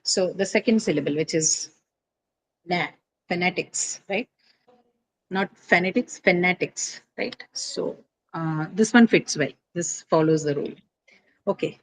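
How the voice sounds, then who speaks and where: A woman's voice: on the low side, a little slow, a little mellow, poor audio. Woman teaching word stress to a class. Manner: explains patiently with many fillers and checks like "right?". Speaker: English teacher.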